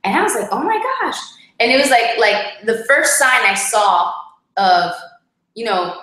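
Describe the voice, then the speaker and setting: Współprowadząca, kobieta, swobodnie rozmawia o związku i wciąż wtrąca "like" i "right?". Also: female voice, medium pitch, animated, a little slow, pushed and bright. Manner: chatty, lots of "like" and "right?". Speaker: co-host. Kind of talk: casual couples chat. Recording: very echoey room.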